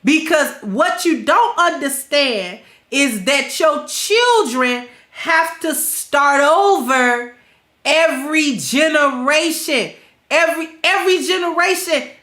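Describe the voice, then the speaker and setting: A woman with a stuffy, congested voice gives blunt, preachy livestream commentary in a loose, colloquial way. Her voice sits high, and the recording has a noticeable roomy echo. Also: slow pace, sharp tone. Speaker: livestream host.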